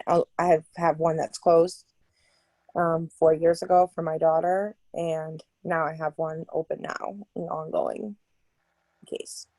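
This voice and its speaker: A young woman from Massachusetts, a guest telling her story in an interview, halting and full of restarts. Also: on the low side, no room sound, low-quality recording. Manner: halting, many fillers and restarts.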